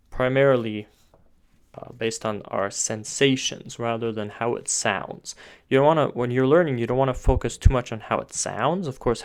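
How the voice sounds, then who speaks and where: A man's voice: mid-range voice, clear, resonant tone. A man giving an online voice lesson, explaining patiently step by step with occasional filler words. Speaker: voice teacher.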